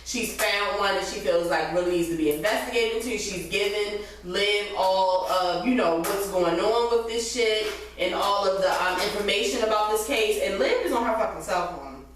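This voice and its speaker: A woman chats through a TV episode recap, loose and profane, jumping into quick character voices. She sits back from the mic in a very echoey room, with some faint noise behind her. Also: medium pitch, distant mic. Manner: animated, acts out characters' lines in quick voices. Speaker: TV recap podcast co-host. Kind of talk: casual profane recap chat.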